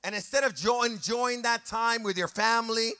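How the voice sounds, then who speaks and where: A pastor preaching a sermon with animated delivery, dropping to quiet asides and rising to shouted passages, acting out other people's voices along the way. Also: male voice, extremely high pitch, moderate pace, smooth, dry recording, clean studio sound. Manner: acts out voices of people and scenes in his preaching.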